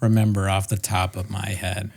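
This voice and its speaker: A man's voice: sits low, flat delivery, normal speed, darkish tone. A man co-hosting a podcast in casual chat, rambling, swearing and laughing often. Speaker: podcast co-host.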